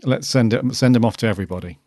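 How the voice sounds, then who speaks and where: A man's voice: medium pitch, fast talker, darkish tone, dry recording, clean studio sound. A man co-hosting a casual podcast, jokey and chatty, laughing often and restarting sentences. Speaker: podcast co-host.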